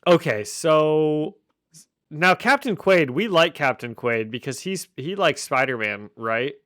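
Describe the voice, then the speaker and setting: Man, podcast host, jokey, laughs a lot, smooth voice, fairly high, dry close mic. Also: lively intonation, a little slow, a bit bright, no echo. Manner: jokey, laughs often while recapping. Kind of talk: casual chat.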